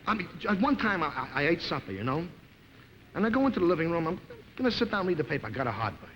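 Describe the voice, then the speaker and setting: Exasperated man, comic monologue, high lively voice, hiss and hall echo of an old TV broadcast. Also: racing. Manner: exasperated, animated storytelling with big pitch swings. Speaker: comedian. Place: television studio stage. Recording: 1950s television broadcast, hall reverb, noisy.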